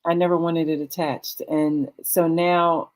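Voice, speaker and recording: A middle-aged woman on a video call telling her story with many pauses and fillers, acting out the dialogue she recalls. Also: low-pitched, flat delivery. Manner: halting, many fillers, acts out quoted dialogue. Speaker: guest sharing her story. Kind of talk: candid conversational storytelling.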